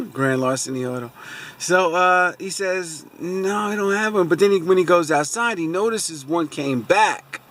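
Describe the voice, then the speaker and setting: A man with a somewhat high voice vents in a loose, rambling way from inside a parked car, circling back with "so anyway". He sounds aggrieved and chatty, like he is telling a friend about his day. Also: a little slow, fairly bright tone. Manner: rambling, repeats fillers like "so anyway"; aggrieved, venting frustration. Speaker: car vlogger. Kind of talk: casual rambling storytelling.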